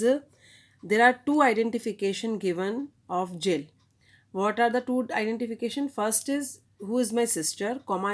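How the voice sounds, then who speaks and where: Woman teaching grammar, slow and repetitive. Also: mid-range voice. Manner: explains slowly, repeats examples, asks the class "okay?". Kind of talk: classroom grammar lesson.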